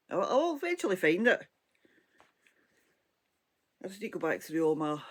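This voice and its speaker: A woman with a Scottish accent, her throat hoarse and froggy, chatting casually and rambling about her crochet, with frequent laughs. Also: low-pitched. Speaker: crochet vlogger. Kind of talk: casual crafting chat.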